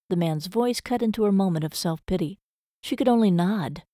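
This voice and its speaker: With a lowish voice, a woman reads an audiobook in an even, measured storytelling manner. The recording is clean studio sound without any room sound.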